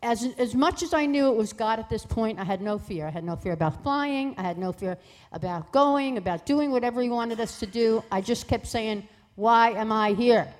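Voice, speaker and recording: A woman guest telling a personal testimony in a lively way, acting out the voices of people in her story. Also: on the high side, a little fast, few pauses. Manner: lively, acts out voices in quoted dialogue.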